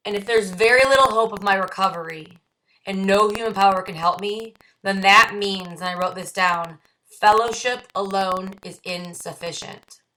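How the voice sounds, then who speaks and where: A woman with a Midwestern American accent leading a recovery book study, reading passages aloud and explaining them in personal terms, repeating key phrases slowly. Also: mid-range voice, bright, forceful tone, rough recording. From United States. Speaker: study group leader.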